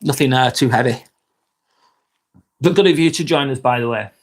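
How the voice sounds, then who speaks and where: A man's voice: mid-range voice, normal speed. A man with a Lancashire accent hosting a laid-back live vlog, chatting to viewers and answering their comments, swearing freely and often restarting his sentences. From Northwest England. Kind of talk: casual live-stream chat, reading viewer comments.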